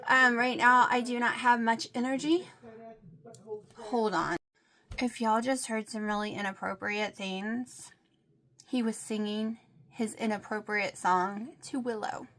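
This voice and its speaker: A woman's voice: fairly high pitch, steady tone, a little slow, sharp tone. A middle-aged woman chatting casually to camera at home, rambling with many fillers. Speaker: vlogger. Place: home room with TV on.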